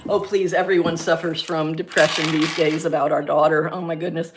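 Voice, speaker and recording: A woman's voice: low voice, level tone, fairly quick, background noise. A woman from Florida hosting a casual livestream, chatting frankly, laughing often and reading viewer comments aloud. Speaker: livestream host and crafter.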